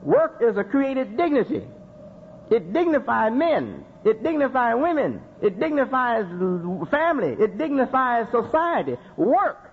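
A man's voice: very high voice, big pitch swings, a little slow, slightly rough. A man preaching a sermon, repeating phrases for emphasis and asking rhetorical questions. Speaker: Muslim preacher. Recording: dull lo-fi recording with faint noise.

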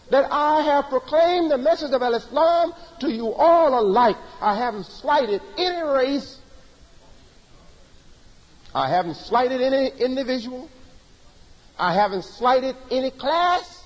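A man's voice: very high-pitched, expressive, unhurried, big-room sound, lo-fi sound. A man giving a sermon-style religious lecture, emphatic and repetitive in his preaching cadence. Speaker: religious teacher.

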